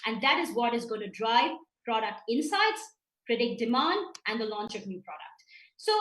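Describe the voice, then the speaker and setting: A woman's voice: sits high, a bit bright, far from the mic. A woman giving an emphatic business presentation over a video call, walking through her slides. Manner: emphatic, with some restarts. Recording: roomy, from off the mic.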